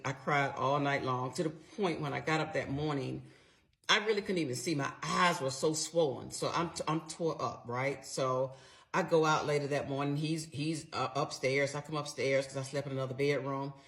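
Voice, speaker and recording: Middle-aged woman, gravelly fry in her voice, casual and emphatic storyteller who curses freely. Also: deep voice, moderate pace. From Atlanta, USA. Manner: animated, emphatic, swears freely. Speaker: storyteller recounting personal experience.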